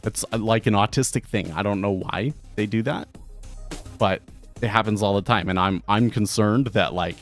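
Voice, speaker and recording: A man's voice: on the low side, moderate pace, faint music behind. A man talking casually on a live trading stream, rambling with frequent restarts and fillers.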